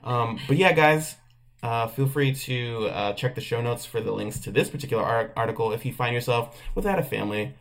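A man with a gravelly edge to his voice, co-hosting a relaxed podcast. He reads items from a list aloud and drops jokey, deadpan asides between them. His voice sits at a middling pitch, and the talk stays loose and conversational. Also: brisk. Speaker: podcast co-host. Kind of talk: casual chat, reading a news list aloud.

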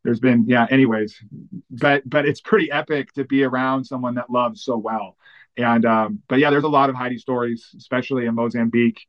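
A man who works as a pastor, telling lively personal stories in an interview with lots of fillers and restarts. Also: medium pitch, muffled recording. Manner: animated, fast-running anecdotes with many fillers. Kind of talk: storytelling in an interview.

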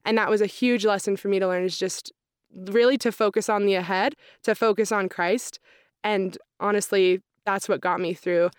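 A woman's voice: mid-range voice, steady tone, moderate pace, clean tone, no echo, clean studio sound. A young woman, an accounting student, telling her story in a casual interview, chatty with lots of "like" fillers. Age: young adult. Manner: chatty, frequent "like" fillers, reenacts own thoughts.

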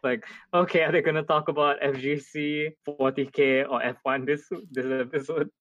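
A man's voice: on the high side, flat delivery, moderate pace, a bit bright, muffled recording. A man co-hosting a gaming podcast, chatting casually in a wry, joking way and filling his talk with "like.". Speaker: podcast co-host. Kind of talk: casual chat.

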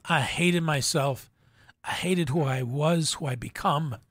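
Earnest, halting man with a higher voice. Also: fairly bright tone, husky. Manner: earnest, halting, with frequent restarts. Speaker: guest sharing personal testimony. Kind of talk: emotional personal story in a faith interview.

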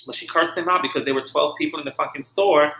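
A man's voice: fairly high pitch, fast, bright, forceful tone. A man from Saint Vincent with a light Vincentian accent, hosting a casual solo podcast and telling a story animatedly, swearing freely. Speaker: podcast host. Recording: roomy echo.

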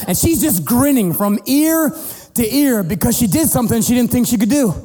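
A middle-aged man preaching as a pastor, telling a family story in an animated, playful way and acting out the voices. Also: extremely high pitch, normal speed. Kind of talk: sermon storytelling. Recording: long hall reverb with faint music.

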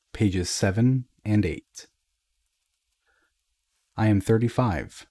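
A man reading a dramatic first-person story in a grave, measured way. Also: lowish voice, warm tone.

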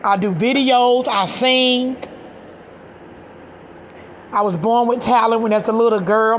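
A woman's voice: a little high, measured pace, pauses often, a little hiss or hum. A middle-aged woman, a mother, giving an impassioned personal rant to camera, agitated and emphatic, swearing and repeating herself. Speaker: mother speaking out in a video.

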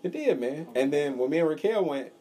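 A man's voice: fairly high pitch, expressive, fairly quick, warm tone. A young man co-hosting a podcast, telling rambling, profane stories in casual chat. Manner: rambling storyteller, swears freely. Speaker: podcast co-host.

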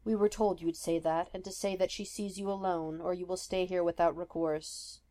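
Lady reading as a stiff palace guard in an audiobook, curt and formal, lowish voice. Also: little pitch movement, moderate pace, mellow, close to an everyday voice. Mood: stern. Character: stern palace guard, man.

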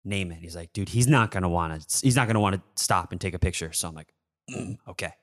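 A man's voice: low-pitched, fast. A young man from Michigan co-hosting a podcast, telling a story in casual chat and acting out quotes with bursts of laughter. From Michigan, USA. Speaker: podcast co-host.

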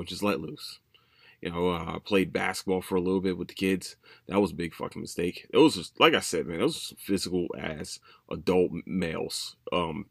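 A man hosting a solo podcast in casual chat, rambling and profane, telling stories with animated swings. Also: fairly low pitch, no echo, clean studio sound. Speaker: podcast host.

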